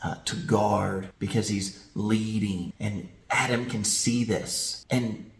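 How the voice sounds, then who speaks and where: A man's voice: on the low side, slow pace, gravelly. A male pastor preaching a sermon, telling stories vividly and asking rhetorical questions. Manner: animated storytelling with rhetorical questions. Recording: roomy echo.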